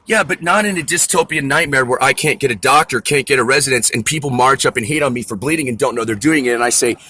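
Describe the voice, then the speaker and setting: A man's voice: mid-range voice, fast, hardly any pauses, pushed and bright, slightly rough. A man delivering an angry, profane, rambling rant to camera outdoors near a store. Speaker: vlogger. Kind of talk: ranting monologue to camera.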